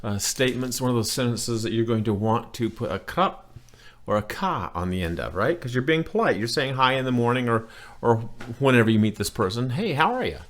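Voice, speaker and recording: A man's voice: mid-range voice, fast talker, fairly bright tone. A man teaching a beginner language lesson in a casual, rambling way, with plenty of fillers and restarts.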